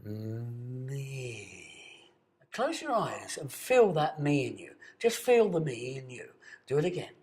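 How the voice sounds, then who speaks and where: An older man, a voice coach, leads a guided exercise with a lively, swooping delivery and a fairly high voice. He coaxes and invites, one moment dropping to a hush and the next holding out a full, ringing tone. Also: normal speed. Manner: coaxing, animated, swings between soft hushed asides and bold sustained tones. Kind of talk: guided voice exercise spoken to camera. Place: seated indoors.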